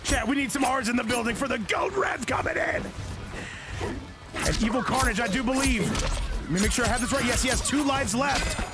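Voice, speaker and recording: A man hosting a live esports tournament stream, commentating excitedly and often shouting, talking quickly until he runs out of breath. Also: extremely high pitch. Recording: loud game music behind.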